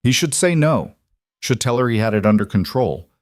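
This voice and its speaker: A man narrating a scripted drama story in an even, measured way. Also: mid-range voice, dry recording, studio quality.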